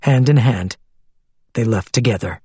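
Male audiobook narrator, steady storytelling, husky, slightly high, dry close recording. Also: a little slow, no room sound.

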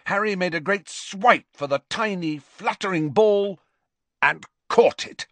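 A man narrating an audiobook with an animated, dramatic reading. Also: high-pitched, measured pace, no room sound. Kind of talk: scripted narration.

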